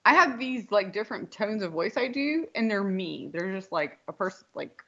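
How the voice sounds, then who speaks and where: A woman's voice: mid-range voice, lively intonation, moderate pace, fairly bright tone, muffled recording. A woman in a casual chat, blunt and swearing freely.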